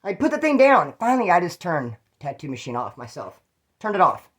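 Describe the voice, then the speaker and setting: A man's voice: high-pitched, huge pitch swings, a little fast, a bit bright. A man from California casually telling prison stories, in a profane, slangy, rambling way with restarts. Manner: mimics others in quoted voices. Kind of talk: casual storytelling.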